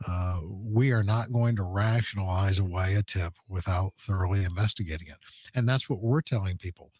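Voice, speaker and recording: A man's voice: deep voice, moderate pace, darkish tone, dry recording. A middle-aged man, a police public information officer, explaining a case earnestly as a radio interview guest, with many "uh" fillers.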